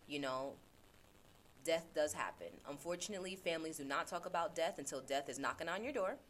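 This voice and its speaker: A woman's voice: deep voice, fairly bright tone, slight background noise. A woman hosting a podcast, talking casually and earnestly about self-reflection, repeating phrases for emphasis. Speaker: podcast host; teacher. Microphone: laptop.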